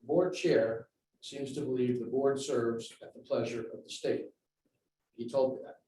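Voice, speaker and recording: A man giving a measured public comment at a school board meeting, laying out facts and figures. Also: mid-range voice, fairly even intonation, dark tone. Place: large meeting room. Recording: very echoey room, distant mic, faint noise.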